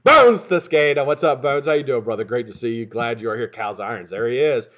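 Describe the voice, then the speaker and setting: A man hosting his own live stream in casual, profane chat, greeting viewers by name and talking quickly. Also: medium pitch, animated, a bit bright.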